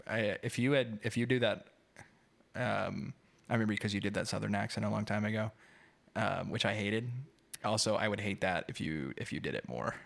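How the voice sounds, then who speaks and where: Deep, gravelly laid-back man co-host. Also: fairly bright tone. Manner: laid-back, halting, teasing. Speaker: podcast co-host. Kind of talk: casual chat.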